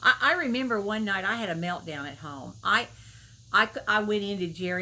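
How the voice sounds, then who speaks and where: A middle-aged woman delivers a devotional message straight to the viewer. She talks in a folksy, storytelling way and keeps asking the listener pointed questions. Her voice sits at an ordinary middle pitch, with a faint hiss in the background. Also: animated, brisk, sharp tone, low-quality recording. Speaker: Christian video minister. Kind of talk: devotional talk to camera.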